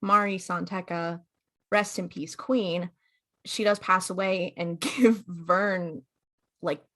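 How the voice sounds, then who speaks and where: A woman's voice: lowish voice, fairly even intonation, slow, fairly bright tone. A young woman co-hosting a podcast in casual chat, chatty with many fillers and acted-out quotes. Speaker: podcast co-host.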